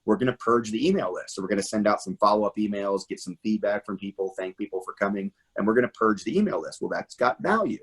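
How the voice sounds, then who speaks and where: A middle-aged man guest speaks in a low, slightly husky voice. He talks in an animated conversational way, piling up asides and rhetorical questions as he explains. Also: fast, hardly any pauses, poor audio. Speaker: interview guest, firearms trainer.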